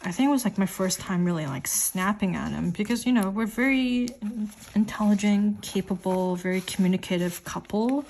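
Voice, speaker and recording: A woman's voice: mid-range voice, moderate pace, a little mellow, a little hiss or hum. A young woman chatting in a voiceover while she sets up a planner, rambling and filling her sentences with "like". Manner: rambling, says "like" constantly; quotes her partner in a raised voice. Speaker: planner vlogger.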